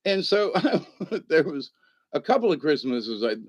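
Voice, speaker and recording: A man's voice: on the high side, big pitch swings, measured pace, no echo. A man hosting a casual livestream, rambling through stories, laughing often and answering the chat. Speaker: livestream host.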